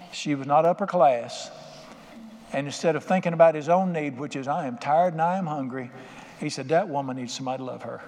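An older pastor's slightly high, slightly mellow voice fills a church sanctuary as he preaches. His sermon is folksy and chatty, with quotes performed in plain voices, and the hall is reverberant with faint ambience.

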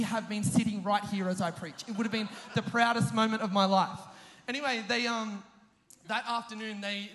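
A young man preaching a sermon, telling a funny story about himself in an animated way and often laughing as he talks. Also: sits high. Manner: animated, self-mocking, often laughing mid-sentence. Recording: long hall reverb.

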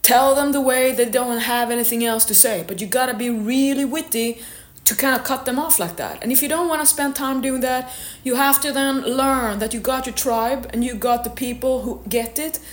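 Woman fitness coach, motivational monologue, frank and blunt, slightly high voice, echoey room. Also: normal speed. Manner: blunt, candid, swears now and then.

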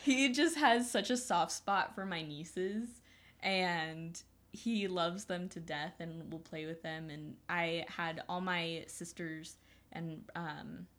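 A woman's voice: on the low side, slow, a bit bright. A young woman chatting as a podcast guest, gushing and giggly, with lots of fillers. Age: young adult. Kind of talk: casual chat.

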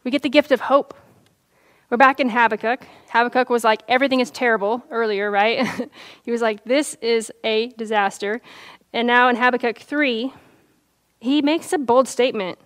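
Young woman preacher, slightly high-pitched, conversational sermon delivery. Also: moderate pace, fairly bright tone, no echo. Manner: conversational, storytelling with asides and laughs.

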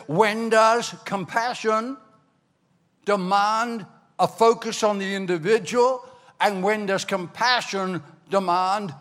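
An older man from Ireland, preaching a sermon as a pastor, telling stories with animated bursts into shouting. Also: high voice. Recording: long hall reverb.

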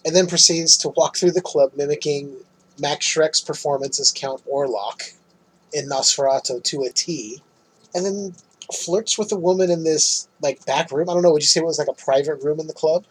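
A man's voice: a little high, normal speed, breathy edge, rough recording. A man casually recapping a film's ending as a podcast host, chatty and often laughing.

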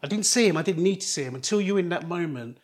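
A middle-aged man tells a personal story as an interview guest. His voice sits a little high for a man. He speaks earnestly and haltingly, stopping and restarting his sentences. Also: expressive.

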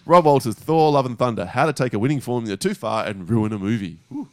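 A middle-aged man co-hosting a podcast, reading listener feedback in a dry, brisk way. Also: mid-range voice, sing-song, darkish tone, dry recording. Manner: dry, brisk, reads out messages. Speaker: podcast co-host.

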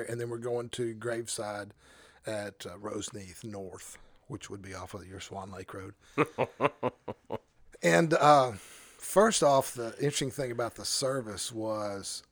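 Animated male pastor telling a story. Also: mid-range voice, no echo. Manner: animated, self-interrupting, chuckles through his story. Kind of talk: casual storytelling on a podcast.

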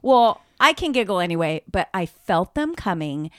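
A middle-aged woman telling stories in casual chat, animated, swearing and laughing as she goes. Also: medium pitch, moderate pace, no echo, clean studio sound. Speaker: storyteller.

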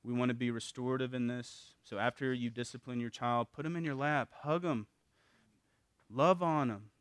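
A middle-aged man giving a casual, animated talk at a parenting seminar, often acting out what parents and kids say in a raised voice. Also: mid-range voice, normal speed, clear, resonant tone, no room sound. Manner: animated, acts out parents' and kids' quotes in a raised voice; casual, with repeated words and restarts. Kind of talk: conversational teaching talk.

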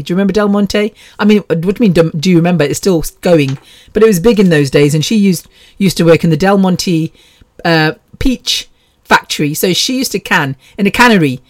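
A woman's voice: fairly low pitch, dry recording. A middle-aged woman from England with a British accent, hosting a casual solo podcast. She talks in a rambling way, laughs often and swears freely. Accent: British English. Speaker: podcast host.

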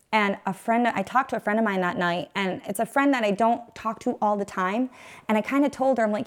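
A woman in her thirties, a mother appearing as a guest in an interview, earnestly shares an emotional, faith-focused personal testimony. Her voice is medium in pitch and her pace is moderate.

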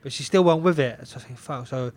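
A young man, a boxer on a podcast, telling a story in casual chat. He swears in nearly every sentence, repeats himself and keeps the telling lively. His voice sits at an ordinary middle pitch for a man. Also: rapid-fire. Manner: swears constantly, animated, repeats himself, laughs a lot. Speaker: podcast guest, pro boxer.

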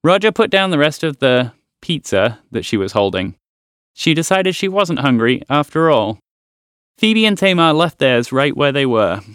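A man narrating a children's story podcast as its host, with expressive storytelling. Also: fairly high pitch, normal speed, smooth, dry recording, studio quality.

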